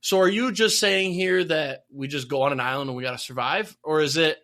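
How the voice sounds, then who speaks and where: Animated young man, bright voice. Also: fairly high pitch, fairly quick. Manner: animated, swearing, storytelling. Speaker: podcast co-host. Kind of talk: casual chat.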